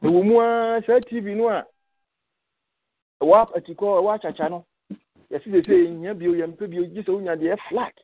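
A man's voice: sits high, a little fast, pauses often, dry recording. Older man on a tinny phone line. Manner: storytelling, mixing English words into his speech. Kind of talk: reminiscing casual chat.

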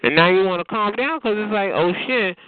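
A man with a high, expressive voice hosts a radio call-in show at a fairly quick pace, taunting callers in a camp, profane, mocking way and calling them honey and child. It's sassy banter heard through tinny phone-line radio audio with faint hiss.

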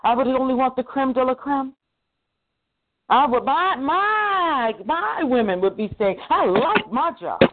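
A woman's voice: high voice, animated, unhurried, no room sound. Woman podcast host, emphatic, repeats herself, phone-line sound, tinny. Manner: emphatic, declaring, repeats points. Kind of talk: casual podcast chat.

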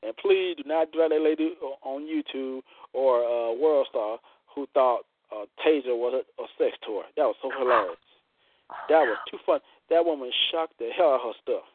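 A man's voice: mid-range voice, normal speed, no room sound. Bawdy joking man hosting over a tinny line. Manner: bawdy, joking, plays out voices of others. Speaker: show host. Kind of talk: casual radio show talk. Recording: tinny phone-line sound, dry.

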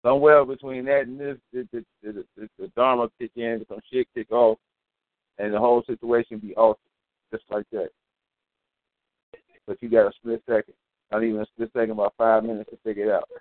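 A man's voice: mid-range voice, level tone, brisk, no echo. Musing man, tinny phone-like sound. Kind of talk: casual chat.

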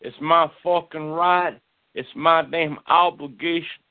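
A man on a call, ranting and stumbling over his words. His voice sits a little high, and it comes through a narrow, tinny phone line. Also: steady tone, slow, dry recording. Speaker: caller. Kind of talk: angry phone rant.

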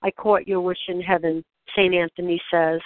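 Woman, channeled spiritual guidance, gentle questioning prompts, dry close sound, tinny phone-like audio. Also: on the low side, level tone, normal speed, no room sound. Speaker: spiritual guide.

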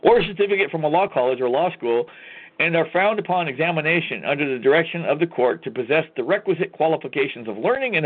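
Combative talk-radio man on a tinny line. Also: a little high. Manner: folksy, combative, keeps saying "folks". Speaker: radio host. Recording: tinny phone-line sound.

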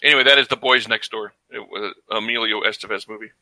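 A man co-hosting a podcast in casual chat, joking and quick to put on brief impressions. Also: fairly low pitch, steady tone, bright, forceful tone, no room sound, poor audio. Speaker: podcast co-host.

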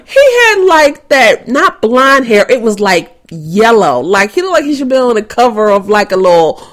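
A woman co-hosting a casual podcast, chatty and quick to laugh, with casual swearing. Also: fairly high pitch, sing-song. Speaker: podcast co-host.

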